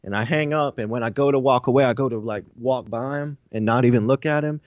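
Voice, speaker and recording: A man in an interview recounting a personal story, animated and profane, with lots of "you know" and "I'm like". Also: mid-range voice, fast, dry recording, highs cut off. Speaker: interview guest.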